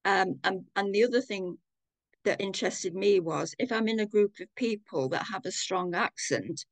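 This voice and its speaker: An older woman with a Manchester accent, giving a thoughtful, measured personal account on a video call. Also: mid-range voice, no echo. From England. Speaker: community participant.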